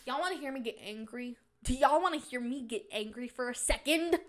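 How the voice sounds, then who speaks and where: A woman's voice: sits high, a little fast. A woman hosting a podcast in casual, rambling chat, giggly, with playful mock-indignant rants. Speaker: podcast host.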